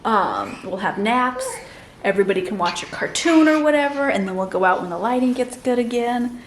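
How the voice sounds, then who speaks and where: A woman's voice: on the high side, big pitch swings, brisk, very noisy. A woman in her thirties chatting casually to camera as a mother and vlogger, laughing often and cooing to her baby between tips.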